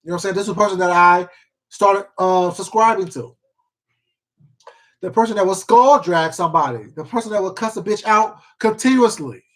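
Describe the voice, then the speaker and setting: A man with a notably high voice for his sex, hosting an eating livestream. He rants bluntly, swears freely and hammers his points home through repetition, breaking off now and then to greet his viewers by name. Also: brisk, a bit bright. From Washington State. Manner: blunt, profane and emphatic, repeats himself, greets viewers by name. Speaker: mukbang YouTuber. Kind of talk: casual live-stream rant while eating.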